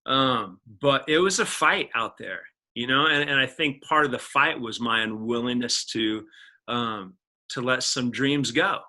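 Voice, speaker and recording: A man in his forties, a guest actor, telling his life story in a casual interview, earnest and animated with frequent laughs and restarts. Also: mid-range voice, unhurried, low-quality recording. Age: 40s.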